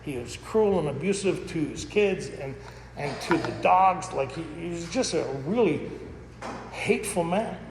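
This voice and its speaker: Brief: middle-aged man, fairly high gravelly voice, candid rambling testimony, roomy hall with a long echo. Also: animated, a little slow. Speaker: recovery meeting speaker. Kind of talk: personal testimony talk. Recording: echoey hall with faint noise.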